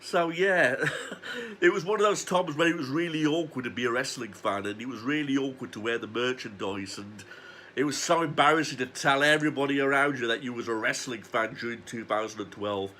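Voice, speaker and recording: A man's voice: medium pitch, brisk, bright, forceful tone, a little hiss or hum. Foul-mouthed ranting man. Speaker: wrestling reviewer. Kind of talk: ranting review monologue.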